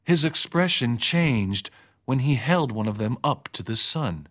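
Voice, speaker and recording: This man narrates a chapter of a story from a script, speaking at medium pitch. As an audiobook narrator, he keeps his delivery steady and measured.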